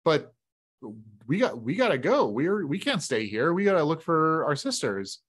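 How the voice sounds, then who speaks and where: A man's voice: a little high, sing-song, normal speed. A man doing a stammering, nervous young traveler. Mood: hesitant. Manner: hesitant, stammering.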